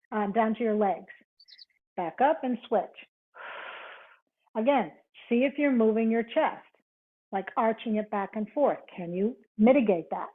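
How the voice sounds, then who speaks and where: A woman yoga instructor cueing a live online class, counting reps, giving short cues and chatting with students. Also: a little high. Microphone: video call. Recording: tinny video-call audio.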